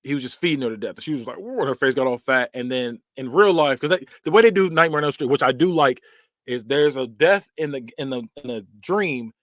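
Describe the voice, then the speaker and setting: A man's voice: mid-range voice, no echo, clean studio sound. A man hosting a podcast, casually recapping and ranking film scenes in loose, slangy storytelling. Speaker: podcast host.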